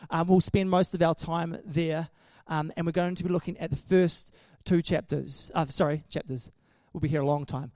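High-voiced man giving a chatty sermon. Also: steady tone, normal speed, few pauses, darkish tone, no room sound, clean studio sound. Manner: chatty and joking, with many restarts. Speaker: preacher. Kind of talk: casual sermon.

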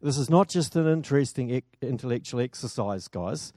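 A man's voice: mid-range voice, lively intonation, fairly quick, warm tone, no echo, studio quality. A man preaching a sermon in a church, chatty and enthusiastic, often asking the congregation questions.

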